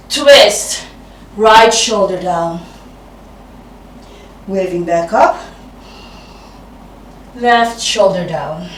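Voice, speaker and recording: A woman who teaches yoga, guiding a class slowly with calm step-by-step cues and breathy sighs between breaths. Her voice sits a little high. She is recorded from some distance in an echoey room. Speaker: yoga instructor. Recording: roomy, from a distance.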